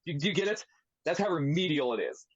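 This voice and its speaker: Guy rattling off mocking jabs fast, dull muffled call audio. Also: fairly high pitch, expressive, breathy edge, dry recording. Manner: mocking, dismissive, talks over others. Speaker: debate guest. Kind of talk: heated online debate.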